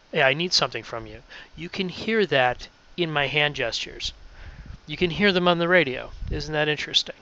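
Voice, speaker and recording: A man's voice: a little high, sharp tone, highs cut off. A man leading a casual training talk for radio volunteers, friendly and often checking in with "okay?".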